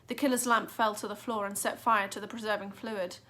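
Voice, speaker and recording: A woman's voice: medium pitch, fairly even intonation, a little fast, a bit bright. A woman reading a children's adventure book aloud with dramatic expression. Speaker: narrator. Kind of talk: storybook reading.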